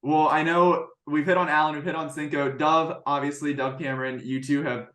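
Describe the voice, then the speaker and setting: A man's voice: on the high side, fairly even intonation, fairly quick, a bit bright. Enthusiastic man in a roomy space. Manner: enthusiastic, rambling questions. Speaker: interviewer. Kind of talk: casual interview questions. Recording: roomy echo.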